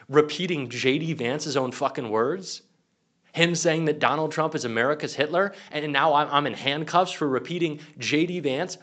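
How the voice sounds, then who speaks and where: A man's voice: medium pitch, a bit bright. A young man delivering an angry, profane political commentary rant. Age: young adult.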